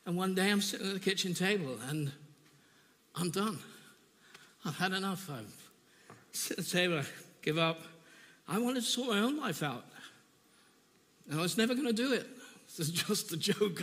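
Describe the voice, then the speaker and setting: The long echo of a church hall surrounds this male preacher, whose voice is bright and high-pitched. Telling his personal testimony, he is emotional and keeps starting over and repeating himself.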